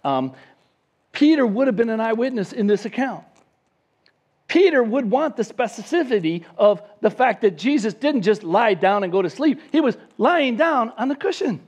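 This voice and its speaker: A man preaching a sermon as pastor, lively, acting out quoted voices. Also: very high-pitched, normal speed, husky. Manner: animated, acts out the disciples' voices.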